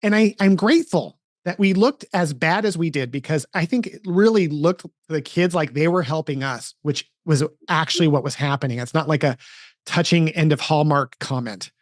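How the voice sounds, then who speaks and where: In a casual interview chat, a middle-aged man tells stories earnestly at a moderate pace, his voice a bit high for a man. He frequently backs up and restarts sentences, and the sound is dry and close with no echo.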